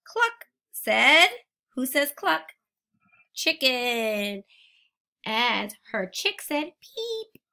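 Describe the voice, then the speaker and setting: Woman teacher, unhurried picture-book read-aloud, invites the kids to join in. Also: sits high, sing-song, gravelly, pushed and bright. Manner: interactive, prompting children to join in.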